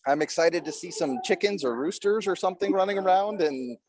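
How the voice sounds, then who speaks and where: A man from Minnesota co-hosting a casual podcast chat, upbeat and quick to laugh, talking from an airport. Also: high-pitched, darkish tone, a little hiss or hum. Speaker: podcast co-host.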